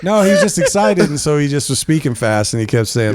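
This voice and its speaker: A man's voice: medium pitch, very animated, brisk, a little hiss or hum. Laughing, rambling male podcast host. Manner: rambling storytelling with frequent laughs and restarts. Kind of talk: casual comedic chat.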